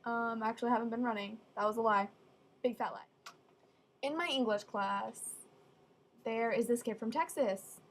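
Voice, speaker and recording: A young woman telling funny stories casually, with deadpan asides. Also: fairly high pitch, moderate pace, long pauses, slight background noise. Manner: chatty, deadpan asides, acts out quoted voices. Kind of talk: casual storytelling.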